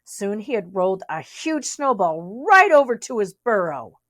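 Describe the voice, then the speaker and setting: A woman's voice: mid-range voice, big pitch swings, a little slow, fairly bright tone. A young adult woman reading a storybook aloud, with chatty asides to young listeners. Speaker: reader.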